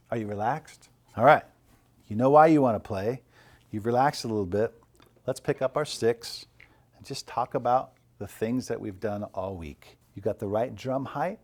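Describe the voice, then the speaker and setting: A man teaching an online percussion lesson, calmly coaching and counting rhythms aloud. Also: fairly low pitch.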